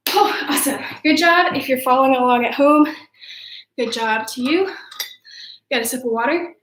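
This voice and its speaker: A woman's voice: high-pitched, normal speed, pauses often, a bit bright, a little hiss or hum. A woman sports coach leading a home workout, upbeat and encouraging, counting reps aloud and out of breath. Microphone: camera mic at a distance. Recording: echoey room, voice from off-mic.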